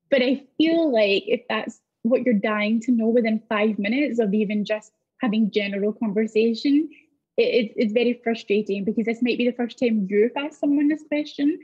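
Husky Scottish woman, comic storyteller. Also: on the high side, lo-fi sound. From Scotland. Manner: animated storytelling with acted-out dialogue. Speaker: comedian guest. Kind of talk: panel discussion with comic storytelling.

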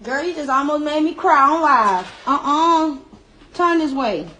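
A woman's voice: high-pitched, measured pace, slight background noise. A woman hairstylist talking live while doing a child's hair, emotional and encouraging, close to tears. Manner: lively, emphatic. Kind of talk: casual live-stream talk.

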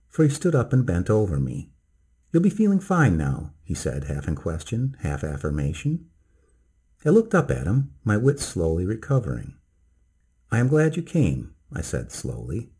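A man narrating a bedtime story in the first person, slow, measured and dramatic. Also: fairly low pitch, mellow, husky.

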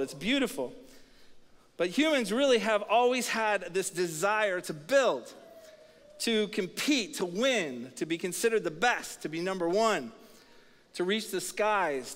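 High-voiced pastor in a reverberant hall. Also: male voice. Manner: energetic, leads congregation call-and-response. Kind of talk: sermon. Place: large church auditorium. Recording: long reverb of a church hall.

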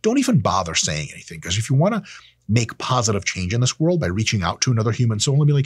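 Here the same kind of host, a man in his thirties, talks fast in a husky, sing-song voice on the low side, recorded cleanly on a close camera mic with no room sound. His monologue is profane, sarcastic and blunt, and he mimics the people he quotes in goofy voices.

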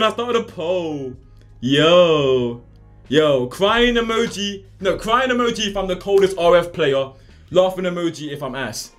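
A young man streaming a game live, trash-talking loudly and often jumping up into high shouts. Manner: loud, excitable trash talk, swinging into high shouts. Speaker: gaming streamer. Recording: faint music behind.

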